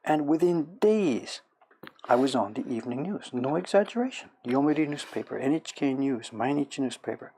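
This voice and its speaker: A man's voice: mid-range voice, animated, normal speed, dark tone, a little hiss or hum. A middle-aged man from Canada chatting casually on a livestream as a woodblock printmaker, rambling and self-correcting as he tells stories. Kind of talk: casual chat while working.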